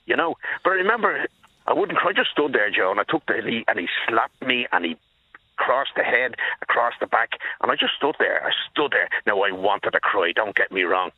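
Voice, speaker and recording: A Dublin man in his sixties phones a radio show and tells a story with real emphasis, calling the host by name. His mid-range voice is lively in intonation, brisk and slightly rough, with no echo, though the phone line sounds tinny.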